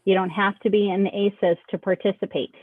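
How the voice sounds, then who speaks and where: A woman's voice: mid-range voice, flat delivery, a little fast, no room sound. A woman on the staff of a school hosting a casual announcement show, chatting as she walks students through the school website over a video call. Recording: dry, tinny phone-like call audio.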